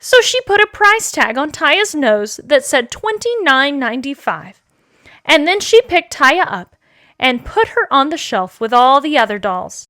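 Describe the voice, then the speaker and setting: A woman reading a children's picture book aloud in a slow, expressive way. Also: sits high, dry recording, clean studio sound. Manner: slow, expressive, sing-song. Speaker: storyteller.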